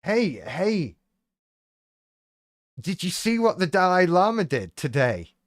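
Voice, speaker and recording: A man's voice: high-pitched, very animated, slow, no room sound, studio quality. A man hosting a live stream, chatting casually in a rambling, irreverent, sweary way and reacting to viewers' comments.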